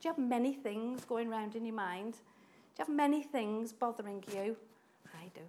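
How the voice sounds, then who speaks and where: Animated high-voiced woman preaching. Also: normal speed, slight background noise. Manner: animated, acts out quoted voices, laughs often. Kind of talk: sermon.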